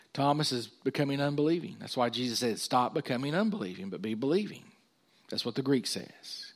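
A pastor preaching a sermon in a mid-pitched male voice. He climbs higher and louder as he reads scripture aloud, then sinks low and soft for quiet asides.

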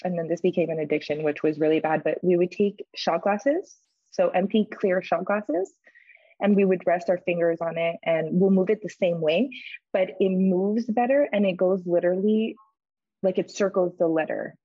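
A young woman on a podcast, telling a story in a chatty way, full of fillers and lively quoted voices. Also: fairly low pitch, normal speed, dry recording, lo-fi sound. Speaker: podcast co-host. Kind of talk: casual storytelling.

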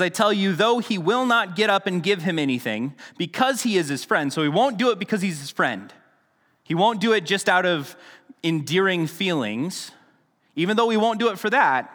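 A man's voice: sits high, a bit bright, long reverb tail. A man preaching a sermon in a casual, conversational teaching style, with frequent restarts and asides. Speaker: pastor.

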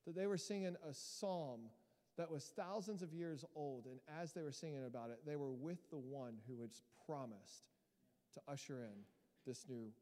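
A man's voice: fairly high pitch, mellow. A male pastor preaching a sermon in a casual, joking, self-deprecating way. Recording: long church reverb.

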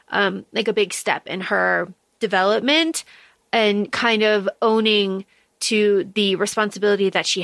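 A woman's voice: mid-range voice, gravelly, fairly bright tone, no echo. A woman co-hosting a podcast, chatting casually about a book, swearing freely and using lots of fillers. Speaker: podcast co-host.

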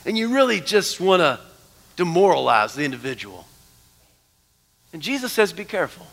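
Man, pastor, sweeping lively pitch, long sanctuary echo. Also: moderate pace, creaky. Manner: animated preaching, dropping to hushed tones for emphasis. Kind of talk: sermon. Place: church sanctuary. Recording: long church hall reverb.

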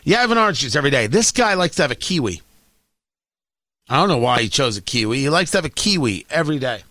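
A man hosting a talk show, delivering an animated, sarcastic political rant. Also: mid-range voice, quick pace, dry recording, clean studio sound. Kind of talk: opinionated political monologue.

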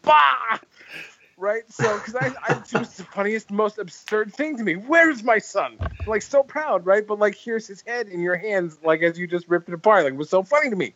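A man's voice: high voice, a little fast, hardly any pauses, highs cut off. A man hosting a casual podcast chat, telling long stories with lots of fillers and restarts. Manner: rambling, full of "like" and restarts, laughs while telling stories. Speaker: podcast host.

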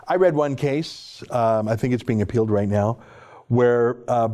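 A man's voice: medium pitch, measured pace, warm tone. A man giving sarcastic, indignant opinion commentary while someone scrolls through articles for him. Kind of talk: opinion commentary reading from a screen.

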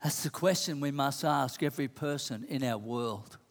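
In a church hall thick with long reverb, a man of medium pitch preaches at a moderate pace. He presses his rhetorical questions again and again with strong emphasis.

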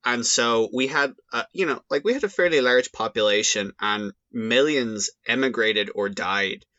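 An Irish man chats as a podcast guest, wandering through points with wry, sarcastic asides. His voice is bright and sharp, recorded dry and close on a somewhat dull, lo-fi mic. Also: medium pitch, moderate pace, dry recording. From Ireland. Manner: rambling, wry sarcastic humor. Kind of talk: casual chat.

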